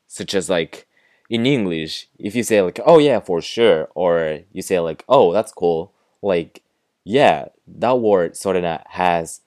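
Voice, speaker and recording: A young man with a Japanese accent hosting a casual podcast, explaining slang with relaxed fillers and self-corrections. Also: deep voice, no echo, studio quality. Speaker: podcast host teaching slang.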